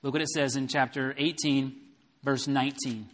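Bright-voiced man preaching in a hall. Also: medium pitch, fairly even intonation, moderate pace. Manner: expository Bible preaching with paraphrase. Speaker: pastor. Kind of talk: sermon. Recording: long hall reverb.

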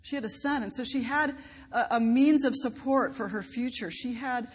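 A woman pastor preaching a sermon, expressive and emphatic, lifting her voice on key words. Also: a little high, moderate pace, slightly rough. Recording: long reverb of a large hall, faint background noise.

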